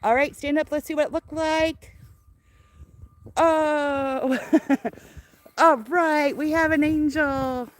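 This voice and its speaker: A woman's voice: high voice, fairly even intonation, slow pace, pauses often. Chatty doting older woman outdoors. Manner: chatty, doting, laughs often. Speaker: livestream host. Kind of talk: casual live stream chat. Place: outdoors in snow. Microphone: phone camera held by hand.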